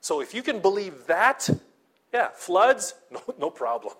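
A man's voice: high-pitched, very animated, measured pace, a bit bright, husky. A male pastor preaching a sermon in a conversational way, often checking in with his listeners and repeating himself as he talks. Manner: conversational, checks in with "okay?" and "right?"; repeats and restarts words, laughs lightly.

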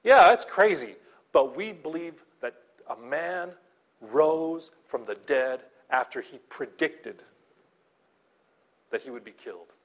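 A man's voice: fairly high pitch, animated, takes it slowly, long pauses, fairly bright tone. A male pastor preaching a sermon in a conversational way, often checking in with his listeners and repeating himself as he talks. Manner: conversational, checks in with "okay?" and "right?"; repeats and restarts words, laughs lightly.

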